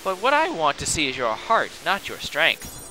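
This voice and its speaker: A man's voice: fairly high pitch, huge pitch swings, normal speed, sharp tone, full character voice, poor audio. Sylph, a man voicing a childish wind spirit. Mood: lofty. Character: childish male wind spirit, lofty and teasing. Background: game music.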